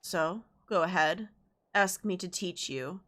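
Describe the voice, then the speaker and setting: Woman reading a wry dark knight mentor. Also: on the low side. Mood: earnest. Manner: measured, wry, reading dialogue aloud. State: sore throat. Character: calm confident male dark knight mentor. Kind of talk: reading game dialogue aloud.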